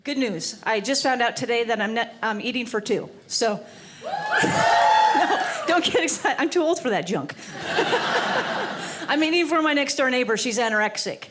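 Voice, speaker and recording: Self-deprecating woman comic, swooping pitch. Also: very animated, measured pace, pauses often. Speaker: stand-up comedian. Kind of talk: stand-up comedy. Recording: noisy club recording.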